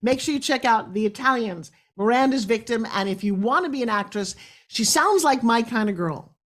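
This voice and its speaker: A woman's voice: fairly high pitch, expressive, moderate pace. A middle-aged woman from New York hosting a talk show, enthusiastic and chatty as she tells stories. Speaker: host.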